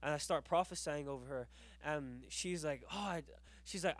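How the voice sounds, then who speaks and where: High-voiced man preaching fervently. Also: a little fast, dry recording. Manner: storytelling that builds to fervent exhortation, repeating phrases. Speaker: preacher teaching a class. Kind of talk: sermon with testimony. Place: church class room.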